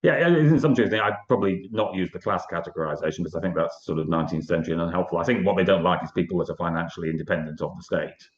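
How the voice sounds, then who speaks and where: Fast-talking, deep-voiced British man. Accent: British English. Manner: earnest, quick, with many restarts. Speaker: political party guest. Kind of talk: conversational interview. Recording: echoey, dull lo-fi audio.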